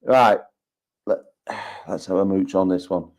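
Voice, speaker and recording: A British man, an arm wrestling promoter, hosting a casual livestream chat full of banter and quick joking asides, often repeating himself. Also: low voice, steady tone, vocal fry, darkish tone. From United Kingdom.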